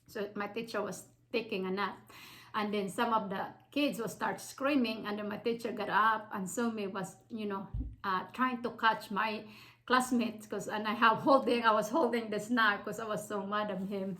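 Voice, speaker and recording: A woman's voice: mid-range voice, fairly even intonation, normal speed, pushed and bright, low-quality recording. A woman from the Philippines with a Filipino accent, casually telling a personal story in a rambling way with many fillers and restarts.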